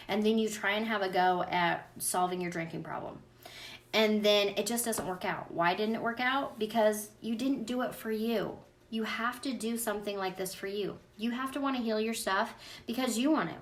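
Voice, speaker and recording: A woman's voice: mid-range voice, normal speed, far from the mic. A woman, an energy healing practitioner, talking earnestly and casually to viewers in a live Q&A. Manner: chatty, earnest, talks straight to viewers. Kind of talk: casual livestream Q&A.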